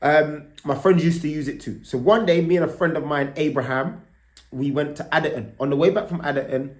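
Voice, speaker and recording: A man's voice: on the high side, fairly quick, echoey room. Swearing man telling a story. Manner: swears freely, keeps asking "right?". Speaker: vlogger. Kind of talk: casual storytelling monologue.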